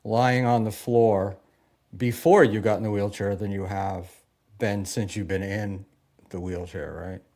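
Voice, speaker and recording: Deadpan man making dry jabs. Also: on the low side, measured pace. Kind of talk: casual chat.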